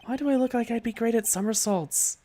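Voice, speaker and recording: A woman's voice: on the high side, brisk, dark tone, voice pushed up, close to an everyday voice. A woman voicing a young male defense lawyer, dry and exasperated, reading game dialogue aloud.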